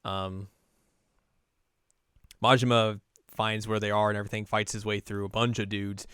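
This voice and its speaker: A man's voice: lowish voice, level tone, normal speed, a bit bright, clean tone, no echo, studio quality. A male podcast co-host casually recapping a game's plot, scattered with "like" and restarts. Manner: rambling recap full of "like" fillers. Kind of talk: casual chat recapping a video game story.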